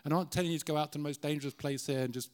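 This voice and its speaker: A man's voice: on the high side, steady tone, very fast, darkish tone. A middle-aged Irish man preaching as a guest speaker in a church, earnest and conversational, often restarting his sentences. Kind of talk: sermon.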